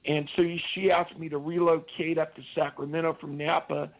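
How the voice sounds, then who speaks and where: A man calling in to a radio show who tells earnest, meandering army stories in a fairly high voice. The sound is thin and tinny, like a phone line. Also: little pitch movement, moderate pace. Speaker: guest, army veteran. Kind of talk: casual phone-in storytelling.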